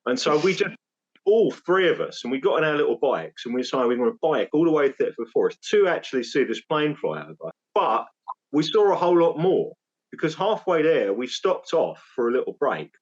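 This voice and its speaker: Lively young man on a lo-fi mic. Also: a little high, fairly quick. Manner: lively, animated storyteller. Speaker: podcast co-host, son. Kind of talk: casual storytelling chat. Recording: dull lo-fi sound.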